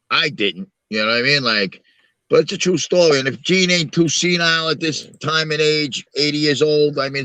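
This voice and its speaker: A middle-aged man from Long Island, New York hosts a casual live-stream, telling blunt, profane street stories. His medium-pitched voice has a sharp tone, and the recording is dry.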